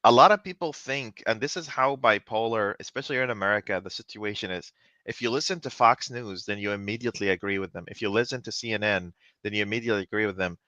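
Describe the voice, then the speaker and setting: A man hosting a casual conversation about software work, emphatic and often checking in with "right?". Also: fairly low pitch, fast talker, no echo, highs cut off. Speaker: host.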